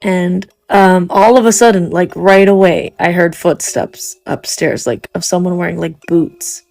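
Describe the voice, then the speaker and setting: Young woman with a gravelly, low voice. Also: measured pace, a little mellow. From Canada. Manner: chatty, many "like" fillers. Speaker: storyteller. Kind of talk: casual storytelling. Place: indoors, walking through a house.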